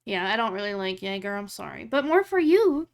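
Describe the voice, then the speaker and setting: A woman's voice: medium pitch, big pitch swings, fairly quick. A woman streamer chatting casually with her live chat while she edits photos. She rambles along, fills her talk with "like" and laughs easily.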